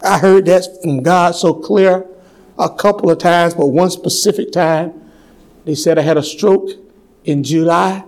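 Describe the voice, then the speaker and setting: Male pastor, high voice, sermon in a church; goes from hushed stories to fervent, climbing exhortation. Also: steady tone, rough recording. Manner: swings from hushed, slow storytelling to loud, fervent preaching. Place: church sanctuary.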